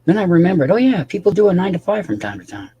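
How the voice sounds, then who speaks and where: A man's voice: sits high, very animated, quick pace, mellow, slightly rough, dull audio. A tired man rambling casually to his livestream chat, swearing often and talking to viewers by name.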